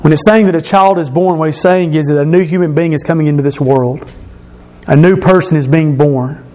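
A man preaching a sermon, explaining scripture verse by verse and repeating key phrases, slowing and dropping his voice for emphasis. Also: on the high side, a little mellow. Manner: slows and drops his voice for emphasis.

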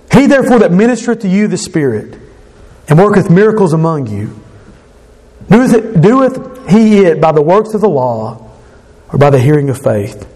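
High-voiced man preaching a sermon. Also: a little mellow, husky. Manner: earnest preaching, acting out quoted voices with emphasis. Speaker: pastor.

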